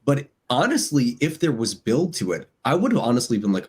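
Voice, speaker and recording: Husky animated man chatting about films. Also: mid-range voice, brisk. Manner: animated, acts out quotes. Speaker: guest. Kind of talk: casual podcast chat.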